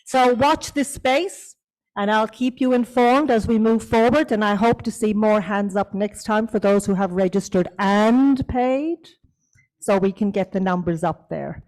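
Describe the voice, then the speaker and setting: A woman's voice: mid-range voice, normal speed, a little mellow, low-quality recording. An Australian woman, a committee chair, addresses a club meeting in a hotel function room, teasing and coaxing the audience. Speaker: convention committee chair giving an update.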